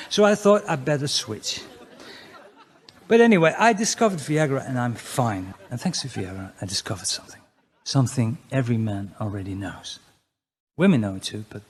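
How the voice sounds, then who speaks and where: A man from the Netherlands, speaking at a conference, gives a crude, brash comic talk to an audience and frequently slips into mock voices. His voice is mid-range and husky.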